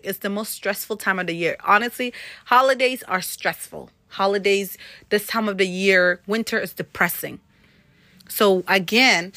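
In a bright, forceful mid-range voice recorded dry, a woman vlogger gives her viewers casual, earnest advice. She sounds encouraging and chatty, sprinkling in plenty of "you know" and "like."

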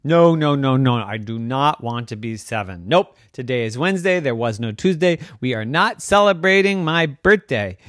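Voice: mid-range voice, lively intonation, normal speed, few pauses, fairly bright tone, no room sound, studio quality, close to an everyday voice. A storyteller voicing a stubborn six-year-old girl who insists she will not turn seven, in an improvised bedtime story. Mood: insistent. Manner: insistent, whiny, repeats "no".

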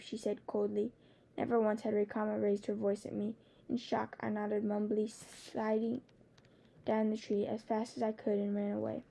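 A woman narrating a first-person novel as an audiobook, in a steady, measured storytelling manner. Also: mid-range voice, creaky, husky.

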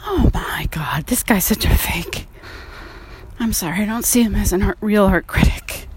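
A woman's voice: mid-range voice, moderate pace, darkish tone, slight background noise. A woman painter talking frankly while walking outdoors, sighing and swearing casually, a bit out of breath. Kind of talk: casual vlog monologue.

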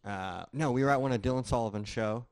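A man's voice: medium pitch, fast talker, clear, resonant tone. A young man guesting on a podcast, telling stories animatedly, acting out quotes and laughing a lot. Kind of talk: casual podcast storytelling.

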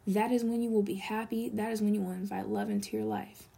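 Husky young woman, earnest and pleading. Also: mid-range voice, steady tone, fast talker, dark tone. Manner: earnest, pleading, repetitive emphasis; drops to a whisper at times. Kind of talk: personal confessional monologue.

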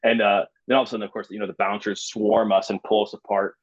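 A young man from Illinois talks as a podcast guest, husky and a little low. He tells his story with animation, in casual chat. The recording is slightly muffled and dry. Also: quick pace, dry recording. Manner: animated, acts out quoted voices.

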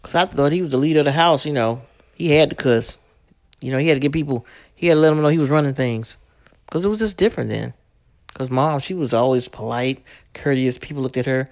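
A woman's voice: a bass voice, fast talker, a little mellow. A middle-aged woman from Brooklyn, telling family stories in casual, frank talk and swearing freely. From Brooklyn, New York. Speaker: mother being interviewed. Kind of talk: casual storytelling.

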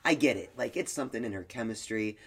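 A woman's voice: a bass voice, quick pace, slightly rough. A woman co-hosting a podcast in casual chat, candid and joking, laughing often. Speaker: podcast co-host.

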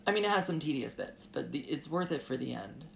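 A young woman hosting a solo casual talk, halting and filler-heavy, and tearful as she talks. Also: low voice, expressive, creaky, slight background noise. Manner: halting, with many fillers and restarts. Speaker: podcast host.

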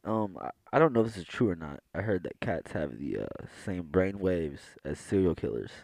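A man's voice: sits low, lively intonation, moderate pace, gravelly, darkish tone, dry recording. A young man co-hosting a podcast, rambling casually with swearing and frequent self-interruptions. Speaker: podcast co-host. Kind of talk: casual chat.

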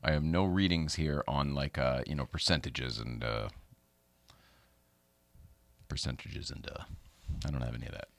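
A man's voice: very deep voice, moderate pace, long pauses, dry recording. A man hosting a casual live-stream chat, rambling and laughing, with many fillers and restarts. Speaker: show host.

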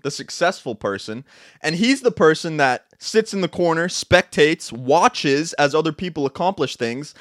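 A young man hosting a podcast, giving an intense, profane motivational monologue with bursts of shouting. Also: sits high, no echo, studio quality. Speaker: podcast host. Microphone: two cameras, podcast mic.

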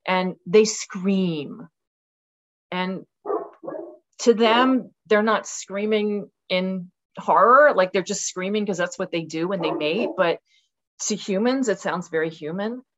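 Taking it slowly in a medium-pitched voice, a woman in her sixties appears as a podcast guest via video call. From her rural home with dogs, she tells stories passionately in a casual conversational interview, acting out quotes dramatically, all captured in lo-fi sound.

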